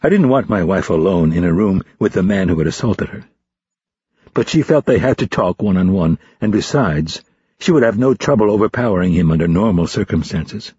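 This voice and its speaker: A man reading a novel aloud as a first-person narrator, in a measured, even delivery. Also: low-pitched, husky, no echo, lo-fi sound. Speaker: audiobook narrator.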